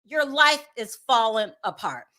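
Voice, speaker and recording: A woman's voice: a little high, big pitch swings, a little slow, bright, forceful tone. A woman hosting her own channel, giving sassy, exasperated gossip commentary and often laughing in disbelief. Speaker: channel host.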